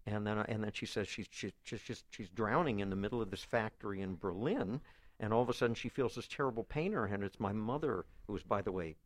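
A man, an author, recounting family stories in an interview, halting and often repeating his words as he goes. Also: fairly low pitch, dry recording. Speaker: author and guest. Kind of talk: conversational storytelling interview.

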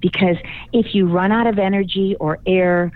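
A woman's voice: medium pitch, fairly even intonation, normal speed. A woman from Chicago, a guest speaking coach in a radio interview, giving confident, emphatic advice. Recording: phone-line call.

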